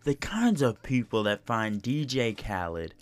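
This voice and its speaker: This podcast host talks in a mid-range voice that is very animated yet a little slow. He chats casually, rambling, repeating himself, and swearing freely.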